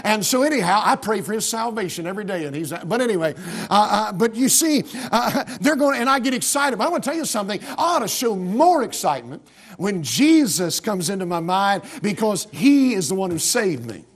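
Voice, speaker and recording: An American male pastor preaches in a church sanctuary. His voice sits high for a man, and he builds to emphatic bursts, stumbling and restarting as he presses his points. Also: big pitch swings, a little fast, husky. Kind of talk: sermon.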